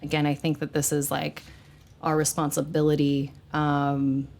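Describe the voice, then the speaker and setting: A woman's voice: low voice, completely flat delivery, normal speed, creaky, darkish tone. A woman hosting a podcast, talking earnestly in casual spiritual chat, rambling with plenty of fillers. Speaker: podcast host.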